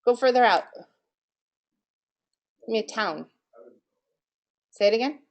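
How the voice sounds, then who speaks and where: A woman's voice: fairly high pitch, animated, a little slow. A woman giving a live marketing workshop in a room with an audience, quizzing listeners and asking them for answers as she goes. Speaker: marketing presenter.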